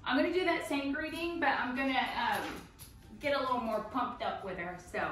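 A chatty woman dog trainer walks through a session step by step, breaking into excited baby talk with the dog. Her voice sits a little high. She is heard from across a very echoey room, with faint music behind. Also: brisk, recorded from a distance. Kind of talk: instructional demonstration.

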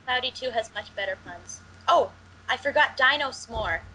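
A female co-host with a bright, sharp voice that sits a bit high. She bickers playfully with the others, defending her point with gusto. Her talk is loose, casual and teasing. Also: lively intonation, normal speed, slight background noise, rough recording. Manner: playful, argumentative banter. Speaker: podcast co-host. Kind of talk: casual chat.

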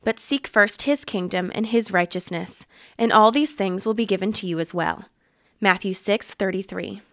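Woman reading a kids' devotional. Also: mid-range voice. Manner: measured, even reading. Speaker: devotional reader. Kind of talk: scripted devotional narration.

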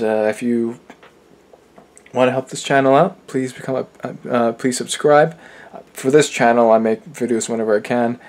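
A young man hosting a casual personal vlog, talking in a soft, earnest and halting way. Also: medium pitch. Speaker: channel host.

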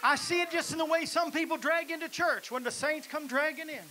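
High-voiced man preaching a sermon. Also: a little fast. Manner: exhorting the congregation, building to shouts. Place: church sanctuary. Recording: hissy live church recording.

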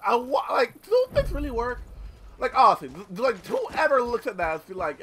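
A man's voice: very high voice, wildly swooping pitch, moderate pace, creaky, a loud crowd. A man hosting his gaming channel, rambling in casual gameplay commentary with lots of swearing and filler words.

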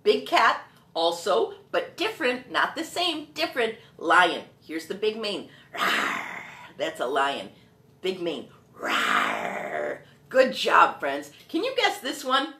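A woman's voice: mid-range voice, very animated, a little slow. A woman hosting a children's music show, singing songs and teaching about animals, encouraging the kids as her friends. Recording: echoey room with loud guitar.

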